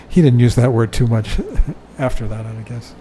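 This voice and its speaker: A man's voice: medium pitch, mellow, a little hiss or hum, low-quality recording. An older man giving a dharma talk, reading from a book and commenting in a conversational way, often chuckling and saying "you know".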